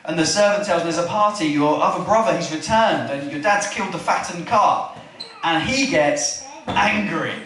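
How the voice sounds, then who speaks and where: A man's voice: fairly high pitch, normal speed, slight background noise. A man preaching a chatty family church sermon, often asking the room questions and acting out the story lines. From England. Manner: chatty, asks the room questions, animated retelling. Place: church hall. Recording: echoey hall from far off.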